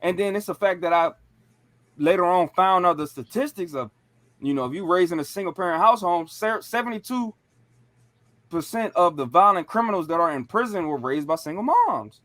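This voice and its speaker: A man on a podcast telling stories in a casual, animated way, full of slang and profanity. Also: high-pitched, fairly quick, no room sound. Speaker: podcast co-host.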